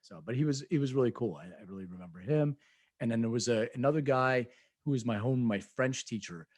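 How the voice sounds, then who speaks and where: A man's voice: medium pitch, quick pace, darkish tone, dry recording. A man co-hosting a podcast, telling rambling anecdotes in casual chat, acting out quoted voices and laughing often. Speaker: podcast co-host.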